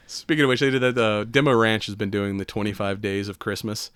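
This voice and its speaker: A man's voice: fairly low pitch, moderate pace, a bit bright, clear, resonant tone, no room sound, clean studio sound. A man co-hosting a casual podcast chat, laughing often, swearing freely and acting out quotes. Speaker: podcast co-host.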